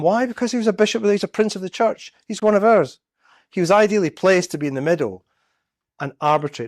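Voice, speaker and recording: A man's voice: on the high side, darkish tone, no echo, clean studio sound. A man from Scotland, giving a storytelling public talk as a guest speaker in a church. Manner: storytelling, acts out quoted voices.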